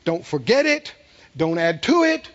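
A male pastor preaching a sermon in an animated way, drawing answers from the congregation. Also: high-pitched, a little slow, highs cut off. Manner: animated preaching with call-and-response.

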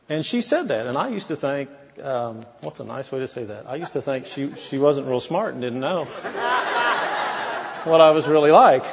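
A man's voice: mid-range voice, animated, moderate pace, creaky, long reverb tail, lo-fi sound, crowd noise. A man preaching a sermon as pastor, in a folksy, conversational way with asides to the congregation.

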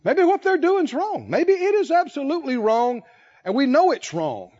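A man preaching a sermon in a folksy, animated way, chuckling and acting out little voices. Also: very high-pitched, moderate pace. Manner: animated, folksy, laughs often, acts out voices. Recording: dull lo-fi sound.

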